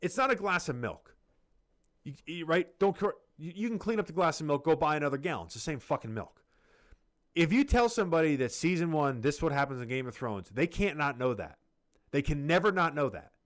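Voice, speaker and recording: A man's voice: fairly high pitch, sing-song, a little fast. A man co-hosting a podcast in casual chat, ranting heatedly and swearing a lot. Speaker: podcast co-host.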